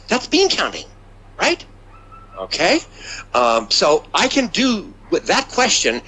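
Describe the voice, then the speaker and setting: Male business trainer, bright and lively, emphatic seminar delivery. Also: sits high, takes it slowly, husky. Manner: energetic, emphatic, checks in with the audience. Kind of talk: seminar lecture.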